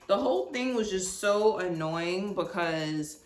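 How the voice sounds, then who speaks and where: A young woman in her twenties telling a casual storytime, animated and blunt, swearing freely. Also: medium pitch, a little slow, few pauses, echoey room. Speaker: vlogger.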